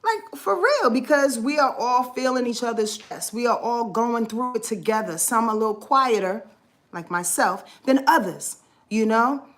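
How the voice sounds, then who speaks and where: A woman's voice: fairly high pitch, expressive, moderate pace, a bit bright. A woman astrology vlogger talking in a heartfelt, rambling monologue, earnest and swearing freely, emotional and close to tears at times.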